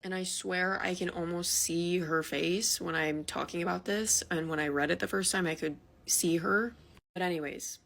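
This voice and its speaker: A woman's voice: lowish voice, fairly even intonation, moderate pace, creaky, a bit bright. A woman narrating a ghost story in casual storytime style, chatty and confiding.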